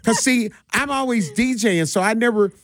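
With an extremely high, expressive voice that's a bit bright, this middle-aged man talks at a moderate pace. He's a Milwaukee DJ who throws community parties, and he relaxes into interview stories, laughing and restarting often.

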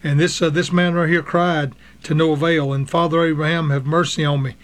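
A man preaching a sermon, earnest and halting, with frequent fillers, reading scripture aloud in old-fashioned wording. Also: on the high side, little pitch movement. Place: radio broadcast.

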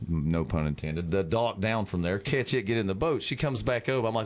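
A man's voice: lowish voice, moderate pace. A middle-aged man, chatting casually on radio and telling a fishing story with easy laughs. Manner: laughing, easygoing, answers yes sir. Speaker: fishing guest.

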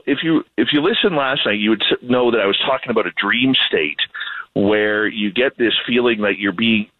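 A Canadian man, a radio host, telling stories in a casual, animated, self-deprecating way. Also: on the low side, no echo, narrow, tinny audio. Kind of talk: casual storytelling conversation.

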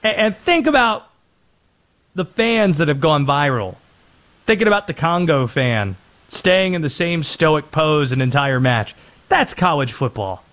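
Casting: male sports radio host, slightly high, animated and jokey. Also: a little slow. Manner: animated, puts on silly voices.

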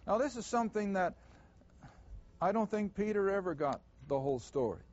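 A man leads a Bible class, working through verses at a slow, deliberate pace. His voice sits fairly high, and he stresses the words he wants the class to catch. The recording sounds dull and lo-fi. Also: a little mellow. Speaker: Bible teacher.

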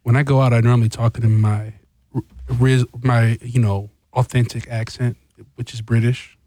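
A man's voice: medium pitch, level tone, moderate pace, mellow, no echo. A man co-hosting a talk show, joking and bantering playfully. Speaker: co-host. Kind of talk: casual on-air banter.

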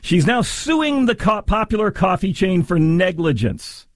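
A man's voice: high-pitched, lively intonation, moderate pace, few pauses, no echo, studio quality. A man hosting a sarcastic commentary on a news story, mocking and exaggerated in delivery. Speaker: commentary host.

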